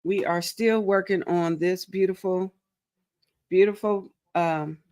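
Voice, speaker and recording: This woman speaks slowly in a low, darkish voice with a steady tone. She's tired and goofy as she runs a laid-back crochet livestream, giggling a lot while welcoming viewers and reading their chat out loud, poking fun at herself playfully.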